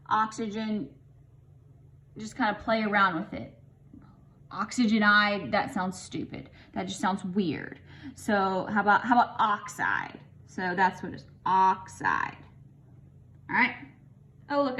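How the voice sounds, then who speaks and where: A woman explaining chemistry naming rules as a teacher, in a casual, chatty way that thinks aloud with a bit of humor. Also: mid-range voice. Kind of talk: recorded lesson explanation.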